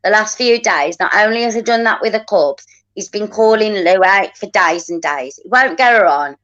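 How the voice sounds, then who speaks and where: A woman's voice: medium pitch, lively intonation, moderate pace, fairly bright tone, dull audio. Sweary angry woman ranting. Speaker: host. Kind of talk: heated live-stream chat. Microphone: video call.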